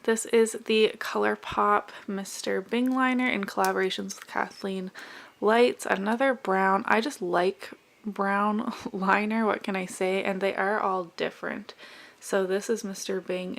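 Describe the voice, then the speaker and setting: A young woman beauty vlogger chats casually and rambles in a friendly way as she declutters her makeup, commenting on each product. Her mid-range voice is creaky, with fairly even intonation and a measured pace.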